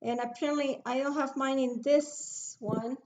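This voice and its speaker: A woman's voice: sits high, fairly even intonation, a little slow, darkish tone, a little hiss or hum. A middle-aged woman with a foreign accent, patiently teaching oil mixing over a video call. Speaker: essential oil mixing instructor.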